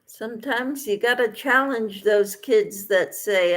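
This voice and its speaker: Slow-talking encouraging woman vlogger. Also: on the high side, a bit bright. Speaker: crochet vlogger. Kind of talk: casual encouraging talk to camera.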